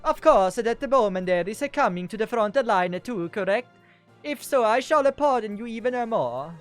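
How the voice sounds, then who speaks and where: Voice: mid-range voice, lively intonation, moderate pace, soft background music, lightly acted. A streamer playing a pompous pharaoh king. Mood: imperious. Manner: pompous, declaiming. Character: haughty pharaoh king, grand and commanding. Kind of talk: reading game dialogue aloud on stream.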